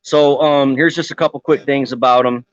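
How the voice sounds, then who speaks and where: Male podcast co-host, mid-pitched, loose and profane, muffled dry lo-fi sound. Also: steady tone, moderate pace, no echo. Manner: profane, rambling, laughs at own jokes. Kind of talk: casual podcast chat.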